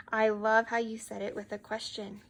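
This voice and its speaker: Woman teacher, slow deliberate delivery, patient and encouraging with a young reader. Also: on the high side, little pitch movement, slight background noise. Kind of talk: one-on-one reading lesson with a child.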